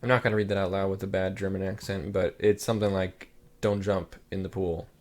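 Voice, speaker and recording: A man's voice: low voice, brisk. A young man hosting his channel, reacting to pictures in a loose, rambling casual chat full of "like" fillers. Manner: relaxed, rambling, lots of "like" fillers. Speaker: channel host.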